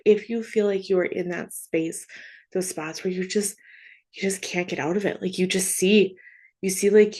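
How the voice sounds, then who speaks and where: Woman, faith-based grief coach; earnest and gentle, takes her time, mid-range voice. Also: mid-range voice. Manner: earnest and gentle, with frequent "like" and "right?". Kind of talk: heartfelt faith monologue.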